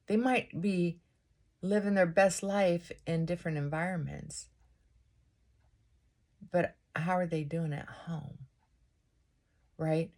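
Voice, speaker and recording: A woman hosting a casual get-ready-with-me vlog, reflecting out loud and often asking rhetorical questions. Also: lowish voice, steady tone, takes it slowly, pauses often. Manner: musing, asks many rhetorical questions; thinking aloud with frequent restarts and asides. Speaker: vlog host. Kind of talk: casual reflective monologue while getting ready.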